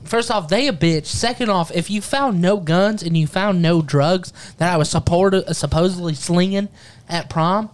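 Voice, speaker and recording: A man's voice: sits high, moderate pace. A young man hosting a casual podcast, telling a story with lots of swearing and acted-out quotes. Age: young adult. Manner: profane, animated storyteller acting out quotes.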